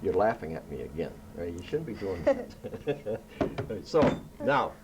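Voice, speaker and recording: In a classroom-style indoor setting, a man whose voice sits fairly low walks children through science in an easygoing, lighthearted manner. He keeps asking a quick "right?", and a faint hiss underlies the audio.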